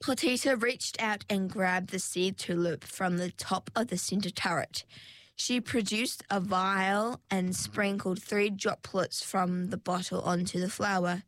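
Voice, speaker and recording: Slow, measured woman reading a story. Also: medium pitch, a bit bright, no room sound. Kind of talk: storybook read-aloud.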